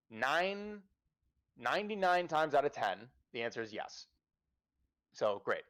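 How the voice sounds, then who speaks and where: A man hosts a casual livestream chat as a podcast host and dungeon master, handing out profane, emphatic game-master advice. His mid-range voice is animated and slightly bright, at a normal speed.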